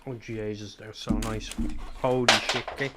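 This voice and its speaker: A man's voice: on the low side, steady tone, moderate pace, very noisy. Chatty, swearing Irish man. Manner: rambling, sweary and chatty, eating sweets while talking. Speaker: streamer. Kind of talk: casual chat answering live chat.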